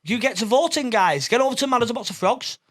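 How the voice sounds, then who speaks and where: High-voiced laughing man. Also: expressive, quick pace. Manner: laughs hard and often, teasing. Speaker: podcast co-host. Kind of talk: casual comedy podcast banter.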